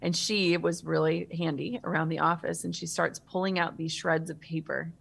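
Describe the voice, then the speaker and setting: A woman in her thirties, a guest author in an interview, telling a personal story in a vivid, animated way. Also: low-pitched, moderate pace, vocal fry, slightly rough.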